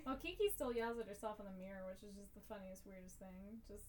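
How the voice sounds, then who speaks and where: A woman's voice: medium pitch, fast talker, recorded from a distance. A woman co-hosting a podcast, telling stories in a casual chat, laughing often and swearing freely. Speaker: podcast co-host.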